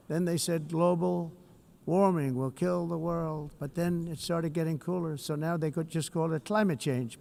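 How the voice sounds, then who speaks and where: A man's voice: a little high, a little mellow. A man, a head of state, gives a formal political speech, boastful and combative, drifting into off-the-cuff asides and repeating phrases for emphasis. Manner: digressive, slips from script into off-the-cuff remarks. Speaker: head of state giving an address.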